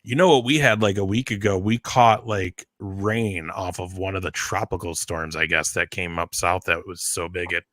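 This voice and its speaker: An energetic man co-hosting a casual talk show, with a lowish voice and a habit of saying dude and like. His voice is recorded dry and close, with no room sound. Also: moderate pace, hardly any pauses, dry recording. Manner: energetic, says dude and like a lot. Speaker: podcast co-host. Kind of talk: casual chat.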